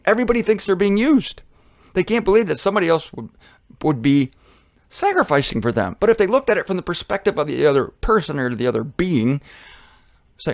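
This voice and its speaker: A man giving a sermon in an animated, conversational way, often acting out voices. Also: fairly high pitch, fairly quick, no echo, clean studio sound. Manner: animated, conversational, acts out quotes.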